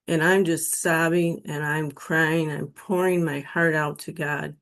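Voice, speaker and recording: A middle-aged woman from Western New York slowly telling a personal spiritual testimony, emotional and earnest. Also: deep voice, steady tone, fairly bright tone. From Western New York State. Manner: slow, emotional, pleading when quoting her prayers. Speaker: guest telling her near-death experience story.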